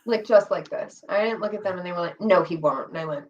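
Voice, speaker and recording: A woman's voice: fairly low pitch, fast talker. A young woman, a reality show guest, talking candidly and acting out what people said, with frequent swearing. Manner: candid, animated storytelling with quoted asides and swearing. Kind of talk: casual chat. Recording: slightly distant, dull lo-fi audio.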